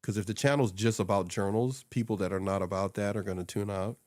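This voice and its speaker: A man's voice: fairly low pitch, steady tone, fast, darkish tone, no echo, studio quality. A man hosting a casual chat, coaching on social media in a loose, rambling way and laughing often.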